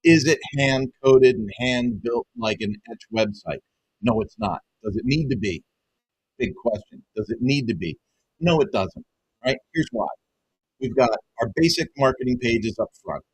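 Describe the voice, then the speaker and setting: A man who runs a web design business, giving an excited, emphatic pitch to viewers and calling them folks over and over. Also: a little slow, slightly rough, poor audio. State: excited, half-yelling. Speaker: web design agency owner and coach. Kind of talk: energetic direct-to-camera pitch.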